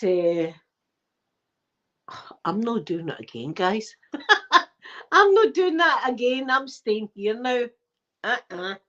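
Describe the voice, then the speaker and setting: A middle-aged woman with a Scottish accent chatting warmly and emotionally to her viewers, close to tears and short of breath. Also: fairly low pitch. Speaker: ASMR channel host. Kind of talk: casual heartfelt chat to viewers. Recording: dull lo-fi recording.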